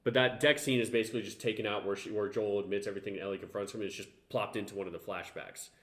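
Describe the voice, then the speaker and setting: A man's voice: on the low side, steady tone, rapid-fire, reverberant. A young man co-hosting a podcast, chatting casually about a TV show, rambling and swearing often. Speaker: podcast co-host. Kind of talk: casual chat reviewing a TV show.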